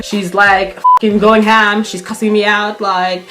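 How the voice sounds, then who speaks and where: A woman telling a storytime vlog, blunt, profane and animated. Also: medium pitch, normal speed, few pauses. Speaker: vlogger.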